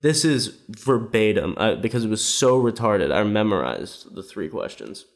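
A man's voice: lowish voice, expressive, normal speed. Sarcastic man ranting casually. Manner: sarcastic, mocking, rambling with fillers; mimics quoted speech with raised voice.

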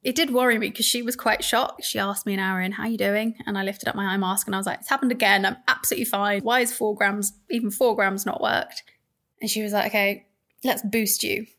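A woman's voice: medium pitch, fairly even intonation, a little fast, a bit bright. A woman hosting a podcast, candidly telling a personal story in a chatty way and laughing now and then. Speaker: podcast host.

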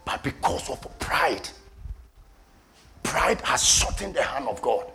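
Man, preacher, sermon, highish voice, repeats phrases, shifts from quiet murmurs to loud shouts. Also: lively intonation, unhurried, long pauses. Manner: passionate, swings from low murmurs to shouted peaks.

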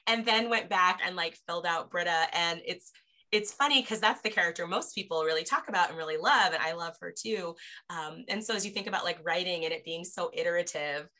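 Woman author guest, bright tone, chatty and laughing. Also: fairly low pitch, a little fast. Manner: chatty, laughs often, many fillers. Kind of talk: casual podcast chat.

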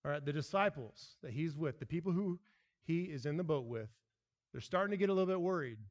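Guy preaching a sermon, gets loud and excited, pitch a bit high. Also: fast, long reverb tail, muffled recording. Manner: animated, emphatic preaching with restarts. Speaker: pastor.

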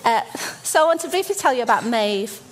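A woman's voice: fairly high pitch, very animated, a little fast, a little hiss or hum. A woman in her forties from Birmingham, giving a church sermon as a story, with frequent ums and restarts. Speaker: church speaker.

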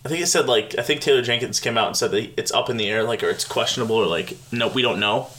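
A young man co-hosting a sports podcast in casual chat, animated and eager when telling a story. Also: mid-range voice, fast, a little hiss or hum. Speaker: podcast co-host.

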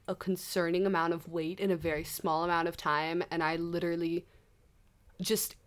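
Blunt, sarcastic young woman co-host. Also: lowish voice. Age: young adult. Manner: blunt, sarcastic, frequent swearing. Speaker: podcast co-host. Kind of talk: casual chat.

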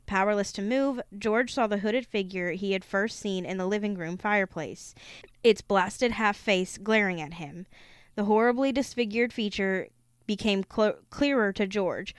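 A woman co-hosting a podcast, reading a horror book aloud in a relaxed, plain-spoken way. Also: medium pitch, moderate pace, clean tone, no room sound, clean studio sound.

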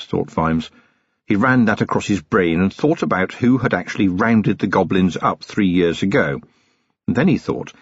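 Brief: male audiobook narrator, expressive, dry close mic, dull lo-fi sound. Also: low voice, moderate pace, breathy edge, no echo.

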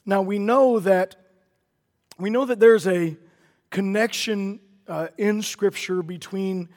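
A man's voice: sits high, takes it slowly, a little mellow, in a large hall. A man preaching a sermon earnestly, often repeating words and building to emphatic declarations.

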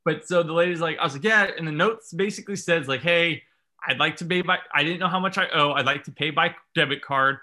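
A man's voice: fairly high pitch, quick pace, pushed and bright. A man telling a long self-mocking story in casual chat, acting out what others said.

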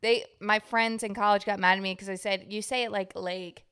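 A woman's voice: mid-range voice, fairly even intonation, a little fast, a bit bright, smooth. A young woman with a Southern American accent, co-hosting a podcast in casual, giggly, teasing chat. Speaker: podcast co-host.

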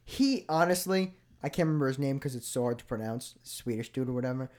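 A young man co-hosting a casual podcast chat, rambling, laughing easily and trailing off into quiet asides. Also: medium pitch, expressive, quick pace. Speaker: podcast co-host.

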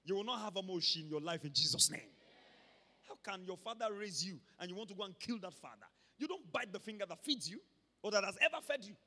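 A man with a Nigerian accent preaching a sermon to his church, emphatic and rising from quiet talk to shouts. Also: sits high, lively intonation, fast. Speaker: pastor. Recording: long hall reverb.

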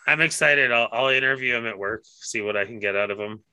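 Bright-voiced, profane storytelling man. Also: medium pitch, brisk, clear, resonant tone, no echo, poor audio. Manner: laughing, profane, anecdote-telling. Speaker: podcast co-host. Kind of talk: casual chat, storytelling.

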